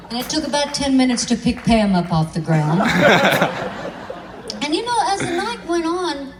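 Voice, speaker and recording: A woman's voice: sits high, very animated, moderate pace, long pauses, recorded from a distance, over a noisy crowd. A woman country singer telling a story on a live stage, chatty and self-mocking. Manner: chatty, self-mocking, laughs as she tells it. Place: large convention hall stage. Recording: echoey live hall, from afar.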